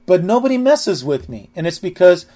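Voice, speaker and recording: A man's voice: high voice, very animated, normal speed, dark tone. An older man teaching a Bible study in a rambling, anecdotal, earnest way.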